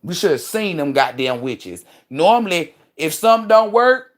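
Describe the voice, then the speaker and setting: A woman's voice: fairly low pitch, big pitch swings, moderate pace. A woman hosting a livestream, ranting casually in a profane, emphatic and preachy way. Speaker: livestream host and spiritual commentator.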